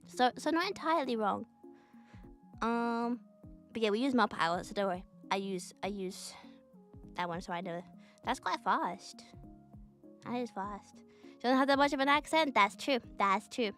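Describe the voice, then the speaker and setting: A woman's voice: on the high side, moderate pace, pauses often, fairly bright tone, faint music behind. A young woman streamer with a neutral British accent, chatting casually and rambling while she draws, often giggling and swearing offhand.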